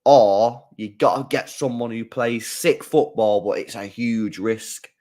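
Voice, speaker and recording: A man's voice: medium pitch, a little slow, warm tone. A man chatting casually as a football watchalong streamer, rambling and repeating his phrases for emphasis. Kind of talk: casual live-stream chat.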